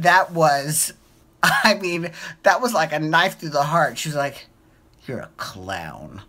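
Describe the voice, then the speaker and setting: Woman, low-pitched, bright tone, casual gushing recap chat, repeats herself. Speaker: podcast host.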